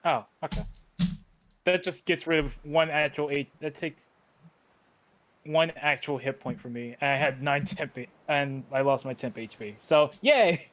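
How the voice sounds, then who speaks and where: A man at a slightly higher pitch chats through a tabletop game over a call mic. He jokes, swears offhandedly and breaks into laughs while working out his rolls. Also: measured pace, fairly bright tone. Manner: joking, swears casually, laughs often. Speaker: player. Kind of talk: casual tabletop play.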